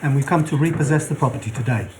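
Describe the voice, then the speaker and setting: A man's voice: medium pitch, racing, a little hiss or hum. A middle-aged man working as an enforcement officer, explaining an eviction politely but firmly and apologizing often. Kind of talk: on-the-job talk, explaining to tenants.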